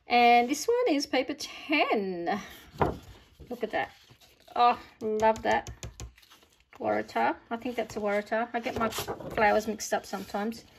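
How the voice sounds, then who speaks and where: A woman's voice: on the high side, animated, unhurried, vocal fry, pauses often, background noise. A middle-aged woman with an Australian accent, chatting casually as she unboxes craft supplies, gushing with delighted exclamations. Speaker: craft vlogger.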